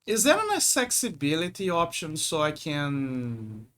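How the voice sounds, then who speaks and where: Young guy streaming games, bright voice, gets worked up and swears. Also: on the high side, a little slow. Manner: excitable, swears when frustrated. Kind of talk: gameplay commentary.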